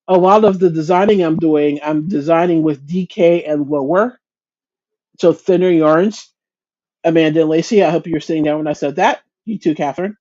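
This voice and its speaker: A woman's voice: low-pitched, warm tone, dull audio. A woman hosting a casual crochet chat livestream, greeting viewers by name, chatty and self-deprecating, often restarting her sentences. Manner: frequent restarts and stumbles.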